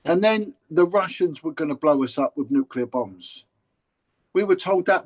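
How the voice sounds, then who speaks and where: A man's voice: a little high, low-quality recording. Chatty London man telling stories. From England. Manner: chatty, repeats words and restarts, blunt. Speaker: interview guest, former police officer. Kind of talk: casual storytelling interview.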